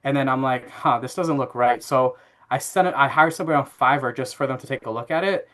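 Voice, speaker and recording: A man in his thirties telling a family story as a podcast guest, relaxed and chatty with fillers. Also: mid-range voice, fast talker. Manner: animated anecdote-telling with frequent fillers and laughs. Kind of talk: casual interview storytelling.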